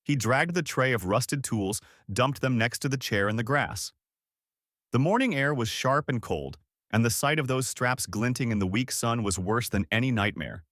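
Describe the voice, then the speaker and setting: A man reading a first-person story aloud as scripted narration, with dramatic, expressive delivery. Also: medium pitch, dry recording, studio quality.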